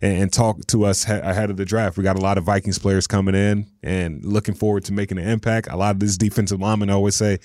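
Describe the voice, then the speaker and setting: A man's voice: lowish voice, little pitch movement, quick pace, few pauses, a little mellow, no echo, studio quality. A man hosting a sports podcast in a casual, easygoing way, affirming and wrapping up the interview. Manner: easygoing, laughs along, affirming. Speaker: podcast host.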